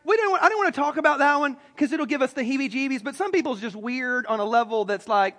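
A man's voice: extremely high pitch, fast talker, few pauses, pushed and bright, big-room sound. A man preaching a sermon, joking with the congregation and talking straight to them. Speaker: pastor. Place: church sanctuary.

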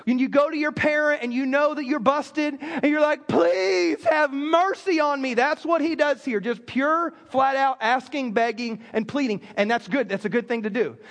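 A man pastor preaching a sermon in a casual, animated storytelling manner, full of fillers. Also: very high-pitched, moderate pace, few pauses, in a large hall.

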